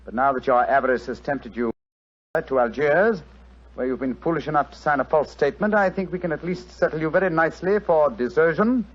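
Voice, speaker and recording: Casting: man as a measured, husky detective explaining a case, old lo-fi radio. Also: on the high side, close to an everyday voice. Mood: assured. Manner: crisp, measured, lecturing. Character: brilliant cool-headed male detective. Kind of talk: 1940s radio acting. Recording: dull lo-fi old radio recording.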